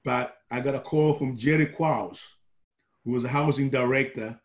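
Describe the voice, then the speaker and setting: An older man recounts his years as a coach in a recorded interview. He tells it with animation, acting out the lines of the people he remembers. His voice sits at an ordinary middle pitch. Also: normal speed. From Malawi. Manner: animated, acts out quoted dialogue. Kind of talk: oral history storytelling.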